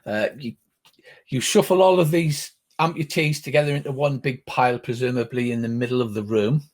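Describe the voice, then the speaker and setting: An older man runs a tabletop game as its game master. He narrates in a relaxed, wry way, pausing and hesitating now and then. His voice sits in a middle pitch.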